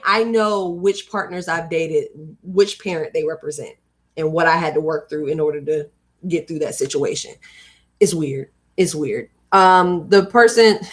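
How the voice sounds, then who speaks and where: Woman, livestream host, reads books aloud, slightly low voice, casual asides between passages. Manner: chatty, mixes reading with personal asides. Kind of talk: reading aloud with casual commentary.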